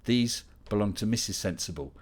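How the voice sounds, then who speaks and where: A middle-aged man hosts a relaxed live Q&A stream with a fairly low voice. He chats easily, picks up viewers' questions one after another and answers them with dry humor. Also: fairly quick. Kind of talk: casual live Q&A chat.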